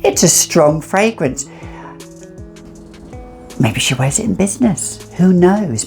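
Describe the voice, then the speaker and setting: Very low-voiced sassy woman reviewer. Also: gravelly, mellow. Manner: chatty, opinionated, sassy asides. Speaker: fragrance reviewer. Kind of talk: casual chatty review.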